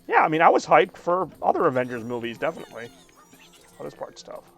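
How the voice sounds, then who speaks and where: A man's voice: a little high, wildly swooping pitch, fast talker, vocal fry, a bit bright, faint music behind. A man in his thirties streaming a game and chatting casually, rambling with lots of fillers. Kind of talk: casual chat while gaming.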